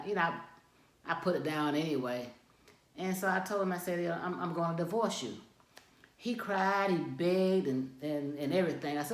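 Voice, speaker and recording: A middle-aged woman tells a personal story in a lively, animated way, laughing now and then as she goes. Her voice sits a little low for a woman. The recording carries a noticeable room echo. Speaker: divorce coach. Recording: echoey room.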